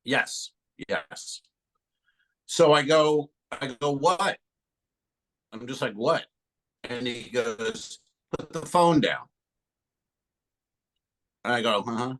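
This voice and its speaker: A man's voice: medium pitch, slow pace, pauses often, fairly bright tone, rough recording. A man co-hosting a comedy podcast tells a story in loose, casual chat. He acts out both sides of the exchange and swears freely along the way. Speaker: podcast co-host.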